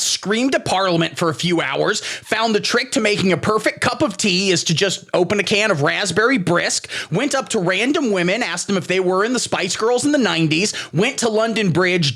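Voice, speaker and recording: Gravelly sarcastic male comedy host. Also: high-pitched, normal speed, few pauses. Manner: deadpan, sarcastic. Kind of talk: satirical comedy monologue.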